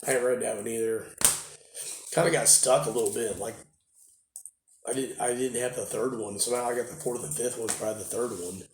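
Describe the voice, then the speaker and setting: Speaking a little fast with frequent pauses, a man with a mid-range, steady voice rambles into his phone camera at home. He's a toy-collecting vlogger congested with a cold, repeating himself and trailing off, and the echoey room carries faint noise.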